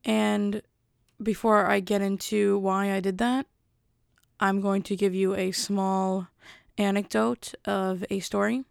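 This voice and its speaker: A woman's voice: mid-range voice, flat delivery, slow pace, vocal fry, clear, resonant tone, no room sound, studio quality. A young woman vlogger chatting casually and rambling, often interrupting herself. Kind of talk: casual rambling chat to camera.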